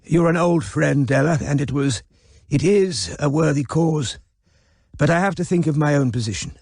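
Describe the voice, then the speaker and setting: A man's voice: fairly high pitch, moderate pace, vocal fry, darkish tone, dry recording, clean studio sound, pitched above the performer's own voice. A man reading an audiobook, voicing a feeble, hard-of-hearing elderly man who speaks hesitantly. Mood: miserable.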